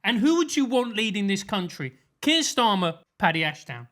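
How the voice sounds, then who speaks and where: A man's voice: high-pitched, very animated, normal speed, fairly bright tone. A man co-hosting a podcast in casual comedic chat, rambling and laughing often. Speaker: podcast co-host.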